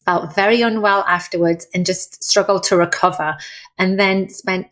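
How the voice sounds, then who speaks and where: A woman's voice: mid-range voice, steady tone, moderate pace, a bit bright. A woman, a guest in a casual interview, talking in a chatty, candid and self-deprecating way with frank slang. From England. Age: 50s. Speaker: guest, personal trainer and author.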